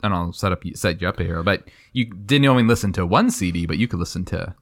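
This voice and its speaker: A young man with a fairly low voice co-hosts a casual podcast. He talks in an animated, chatty way and keeps jumping off into side remarks. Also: fast. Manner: chatty, animated, jumps between asides. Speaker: podcast co-host. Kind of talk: casual chat.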